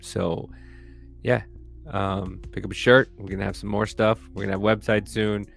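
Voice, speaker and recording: A man co-hosting a casual podcast, profane and animated, jumping into a high yell when worked up. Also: moderate pace, gravelly, soft background music. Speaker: podcast co-host.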